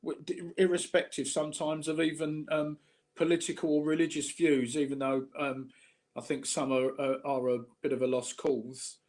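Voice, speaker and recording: Halting Cockney man, slightly high voice. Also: little pitch movement, a little mellow. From South London. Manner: halting, repeats words, blunt and sweary. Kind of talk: casual chat.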